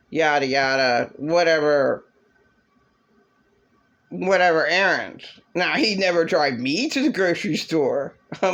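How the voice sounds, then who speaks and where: A woman ranting angrily about her past, bitter and swearing, now and then mocking others in a shrill voice. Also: vocal fry. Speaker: vlogger. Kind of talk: angry personal rant.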